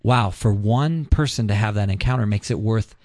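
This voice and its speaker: A man telling an earnest, animated personal story as a guest on a talk show. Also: lowish voice, normal speed, dry recording, studio quality.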